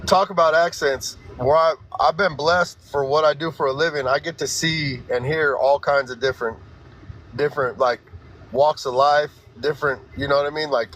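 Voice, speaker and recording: A man's voice: fairly high pitch, fairly even intonation, moderate pace, a bit bright, poor audio. Rambling California man with slight twang. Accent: rural California twang. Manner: rambling, acts out other people's voices. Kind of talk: casual chat.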